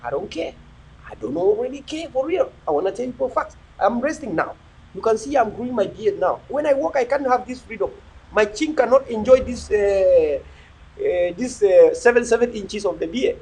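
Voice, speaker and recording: A man's voice: sits high, lively intonation, normal speed, darkish tone, a little hiss or hum, low-quality recording. A man with a Cameroonian English accent, talking casually to viewers as a motivational speaker, repeating words for emphasis and filming outdoors on a phone. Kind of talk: casual livestream talk to viewers. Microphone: phone camera he turns himself.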